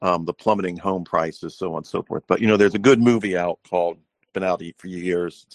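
Deep-voiced male radio caller. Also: a little fast, no echo. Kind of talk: call-in talk radio.

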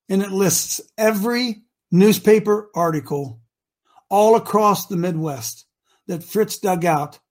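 A man hosting a call-in talk show with emphatic, preachy delivery, shifting between loud outbursts and low asides. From Ohio. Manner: emphatic and preachy, swinging between shouting and mutters.

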